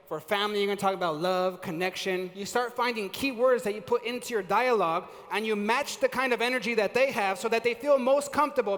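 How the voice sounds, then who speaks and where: A man giving an energetic live seminar on sales and leadership, quizzing the audience and using casual slang. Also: sits high. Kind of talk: live motivational seminar talk. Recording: reverberant hall.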